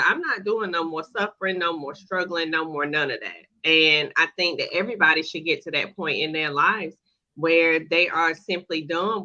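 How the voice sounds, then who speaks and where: Bright, emphatic woman co-host. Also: lowish voice, lo-fi sound. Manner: frank, emphatic. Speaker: podcast co-host. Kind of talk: casual chat.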